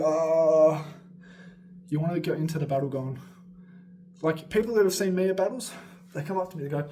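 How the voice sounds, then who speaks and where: A man's voice: fairly high pitch, moderate pace, pauses often, slight background noise. A man coaching beatboxers in a casual, rambling way, full of swearing and laughing asides, sometimes moving around as he talks. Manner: energetic, swearing, laughing asides, jumping around while talking.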